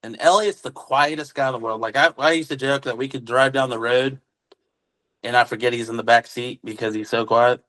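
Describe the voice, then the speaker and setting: A man, a witness, telling his story in a relaxed conversational way, acting out what others said and using casual military slang. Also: medium pitch, fairly quick, rough recording. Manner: acts out quoted dialogue, relaxed military slang. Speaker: witness recounting an encounter.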